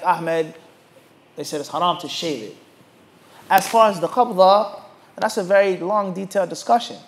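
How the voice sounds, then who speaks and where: A man with a fairly high voice gives a religious lecture to a class. He keeps pausing to ask the students to finish his sentences. He turns animated when he mocks the views he argues against. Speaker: Islamic teacher.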